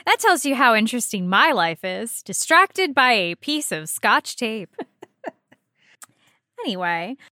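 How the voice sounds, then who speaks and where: Laid-back woman cohost, teasing, swears a lot, talks slow. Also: a little high, very animated, bright, forceful tone, no echo, clean studio sound. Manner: teasing, laughs and swears casually. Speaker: podcast co-host. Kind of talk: casual teasing chat.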